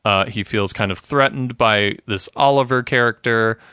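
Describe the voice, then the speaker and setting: A relaxed man talking through a TV episode on a podcast, laughing easily and slipping into the characters' lines. His voice is bright and forward. The sound is close and dry, with no room around it. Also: lowish voice, moderate pace, smooth, no echo. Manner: laid-back, laughs often, acts out characters' lines. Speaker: podcast co-host. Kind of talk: casual chat, recapping a TV episode.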